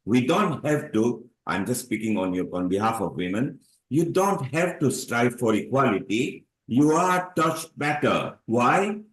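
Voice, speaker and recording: A man hosting a live online talk, effusive and enthusiastic. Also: mid-range voice. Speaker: host. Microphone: video call. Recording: echoey room.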